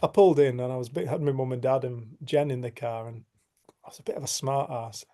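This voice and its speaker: Animated man telling a story. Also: medium pitch, fast talker. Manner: animated, acts out quotes, laughs often. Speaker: group facilitator. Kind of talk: casual storytelling in a group discussion.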